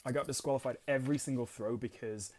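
This young Englishman's mid-range voice is fast, fairly even in intonation and a little mellow, with a little hiss or hum audible. On his board game channel he reads out rules and chats casually about his solo games, often at his own expense.

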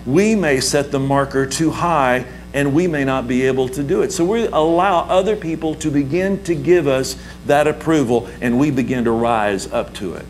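A man's voice: medium pitch, normal speed, few pauses, slight background noise, low-quality recording. A man preaching a sermon as pastor, emphatic and repetitive, leading the congregation in call-and-response.

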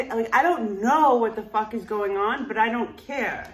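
A woman telling a personal story in a blunt, profane and animated way. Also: a little high, moderate pace. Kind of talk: casual spoken memoir. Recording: roomy echo, distant mic.

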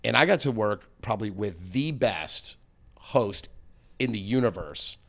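A man hosting a podcast, telling rambling, animated kitchen stories in casual conversation with lots of fillers. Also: lowish voice, unhurried, vocal fry. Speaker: podcast host.

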